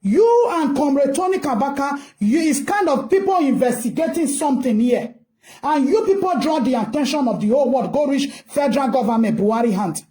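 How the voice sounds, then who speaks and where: A woman's voice: sits high, animated, a little fast, dark tone. A Nigerian woman giving ranting commentary, scolding and asking rhetorical questions in a mix of English and Pidgin.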